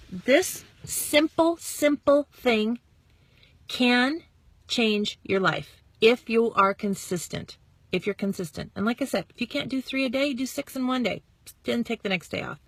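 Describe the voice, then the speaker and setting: A woman in her thirties giving a bubbly, chatty motivational talk to her followers as a sales coach, acting out quick bits of dialogue. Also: on the high side, a bit bright, dry recording. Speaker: network marketing coach.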